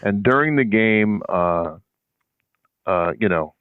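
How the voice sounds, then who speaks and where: A man's voice: on the low side, animated, slow, smooth, dry recording. An older man, a guest on a sports public relations interview, tells a long anecdote in a rambling, conversational way and acts out the people in his story. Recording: tinny phone-line audio, dry.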